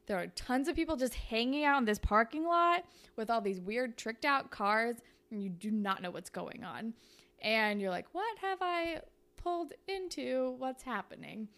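A woman's voice: a little high, animated, normal speed, a bit bright. A young woman co-hosting a podcast, chatting casually and making up a story on the spot, full of "like" and fillers. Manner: chatty, filler-heavy with lots of "like". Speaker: podcast co-host. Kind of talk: casual podcast chat, improvising fan fiction.

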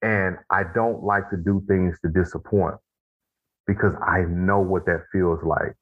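Casting: deep-voiced man, husky, earnest storyteller, heard through a tinny phone-like line. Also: steady tone. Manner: earnest storytelling, slows for emphasis. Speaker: podcast guest, author. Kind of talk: casual conversation. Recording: phone-like narrow band.

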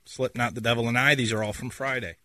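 A man's voice: mid-range voice, steady tone, quick pace, bright, forceful tone, a little hiss or hum. A man co-hosting a radio show, chatting, suggesting songs and pushing back during joking banter. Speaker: radio co-host.

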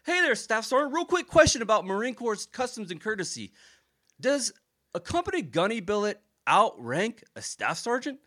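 A man impersonating an angry, profane male Marine first sergeant who yells and curses. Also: high voice, sing-song, normal speed, voice pushed up, exaggerated voice. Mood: mock polite. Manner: yelling, cursing.

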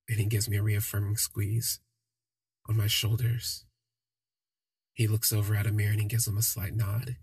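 A young man telling a personal story on a podcast, reflective and halting with frequent restarts. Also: on the low side, breathy edge, dry recording.

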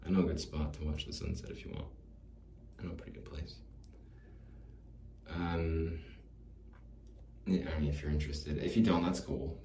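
Guy with a super deep voice rambling solo on his podcast, self-deprecating and wistful, roomy echo and faint hiss. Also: normal speed, pauses often, mellow. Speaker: podcast host. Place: small home studio.

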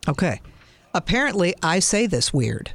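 A woman co-hosting a radio show in casual banter, playful and quick to laugh at herself. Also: on the low side, very animated, dry recording. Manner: playful, laughs easily, self-teasing. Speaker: radio co-host.

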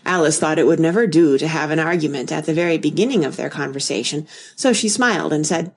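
A woman reading a children's storybook aloud in an expressive, lively way. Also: low voice, fast, husky. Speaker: narrator.

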